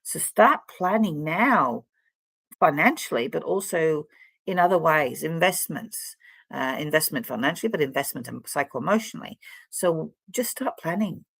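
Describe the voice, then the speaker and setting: A woman with a lowish, gravelly voice talks through a tarot card reading, chatty and rambling, speaking straight to the listener. The sound is dry and close, with no room echo. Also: animated, normal speed, fairly bright tone. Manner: chatty and rambling, addresses the viewer directly. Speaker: tarot reader.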